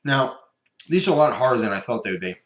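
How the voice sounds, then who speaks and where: Chewing and rambling, a man chats through his unboxing and taste-test vlog from a room at home near his computer. He has a mid-range, fairly bright voice with lively intonation and a quick pace, and the room echoes with background noise.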